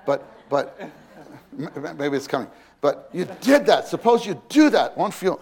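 Male preacher, mid-high voice, chatty sermon delivery, asks the room questions. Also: big pitch swings, a little slow, husky. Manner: conversational, asks the audience questions, acts out quoted voices.

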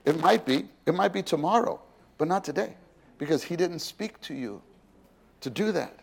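Male preacher, mid-high voice, chatty sermon delivery, asks the room questions. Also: expressive, moderate pace, vocal fry, husky. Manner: conversational, asks the audience questions, acts out quoted voices.

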